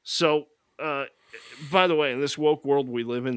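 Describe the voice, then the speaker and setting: A man's voice: medium pitch, normal speed, fairly bright tone, clear, resonant tone, dry recording, studio quality. A man hosting a podcast, recapping a movie in a casual, sarcastic, mocking way. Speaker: podcast host.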